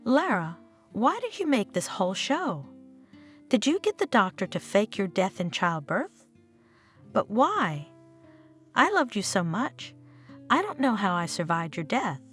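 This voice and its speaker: A woman's voice: medium pitch, big pitch swings, unhurried, long pauses, a bit bright. A woman narrator voicing a shocked, grieving widower who pleads with a stranger, with faint guitar music behind. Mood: pleading. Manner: pleading, bewildered.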